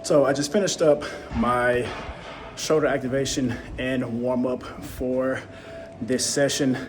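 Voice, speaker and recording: A fitness vlogger chats about his workout in a relaxed, unscripted way, thinking out loud as he goes. His voice is medium-pitched and steady at a measured pace, with soft music playing behind him. It's captured only on the camera's built-in mic, so the background is noisy.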